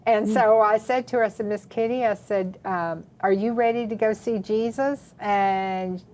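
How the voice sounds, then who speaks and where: A woman from the American South, co-hosting and telling a personal story in a lively, dramatic way. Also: mid-range voice, moderate pace, slight background noise. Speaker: co-host. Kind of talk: casual storytelling chat.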